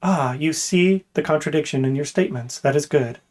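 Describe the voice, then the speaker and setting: A man voicing a patient guard captain, speaking in a flat, measured, unhurried way. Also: a little high, natural voice. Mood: calm. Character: calm, patient male guard captain, coolly stern.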